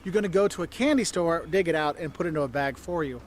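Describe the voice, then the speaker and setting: High-voiced man giving travel tips. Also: fast talker, slight background noise. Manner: chatty, direct advice with laughs and asides. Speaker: travel vlogger. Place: outdoors in a city.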